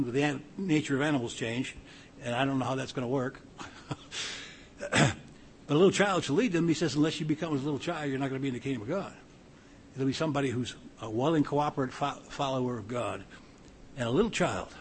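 A man's voice: medium pitch, fast talker, a little hiss or hum. A man preaching a sermon, reading scripture aloud and adding earnest plain-spoken asides.

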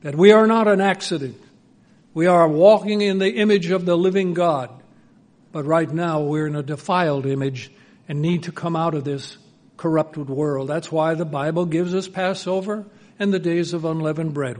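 A man preaching a sermon in an earnest manner, swinging between hushed, soft passages and emphatic, raised lines. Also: a little high, moderate pace.

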